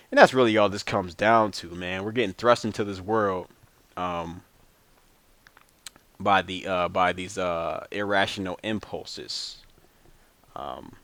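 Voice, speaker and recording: A man's voice: sits low, fairly bright tone, no room sound. A man talking to camera in a casual, rambling monologue, blunt and profane, chuckling between his points. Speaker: vlogger.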